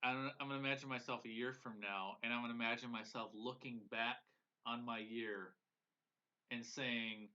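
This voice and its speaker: A man's voice: mid-range voice, fairly even intonation, moderate pace, sharp tone. A man coaching viewers on a live broadcast in an earnest, emotional way, often repeating phrases for emphasis. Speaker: business coach. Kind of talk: live-streamed motivational coaching. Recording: dull lo-fi audio.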